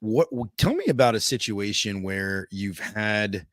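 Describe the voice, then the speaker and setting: A podcast host with a fairly low voice rambles through casual interview talk, hunting for words as he builds up to a question. His intonation is lively and his pace measured, captured in a dry, studio-quality recording.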